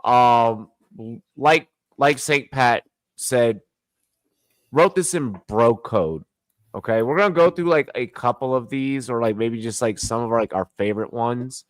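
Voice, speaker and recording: A man hosting a casual sports talk stream, joking and animated. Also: measured pace, no echo. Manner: animated, joking, swings pitch widely. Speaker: podcast host. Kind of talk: casual chat.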